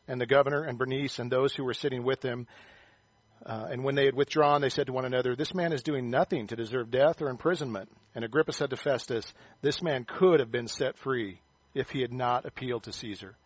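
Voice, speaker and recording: A pastor delivers a conversational, animated sermon, weaving scripture reading into friendly asides, corny jokes and self-deprecating humor. His middle-pitched voice is a little fast and slightly rough. The recording is dry and a bit muffled, with no room sound.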